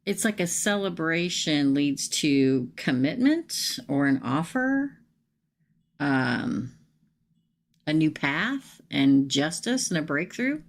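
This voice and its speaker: A woman's voice: low voice, very animated, slow. A middle-aged woman doing live tarot readings, chatty and exclaiming over cards, addressing viewers by name. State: emotional after crying all night. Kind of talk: live-stream tarot reading, casual chat.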